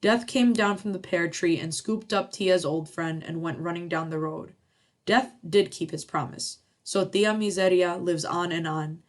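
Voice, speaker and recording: A woman's voice: on the low side, unhurried. A woman storyteller reading a folk tale aloud expressively, mixing in Spanish phrases.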